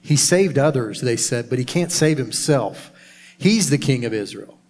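A man reading Bible passages aloud to a congregation. His reading is steady and measured, in a mid-range voice. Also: medium pitch. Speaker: pastor reading scripture. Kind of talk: scripture reading.

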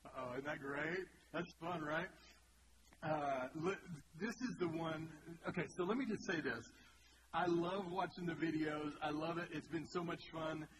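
Upbeat man, slightly high voice. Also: normal speed. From United States. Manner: enthusiastic, churchy call-and-response. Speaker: host reacting to videos. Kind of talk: casual commentary turning preachy. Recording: loud background noise.

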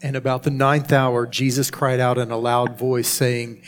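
A man, a pastor, reading Bible passages aloud in a steady, measured way. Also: mid-range voice. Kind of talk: scripture reading.

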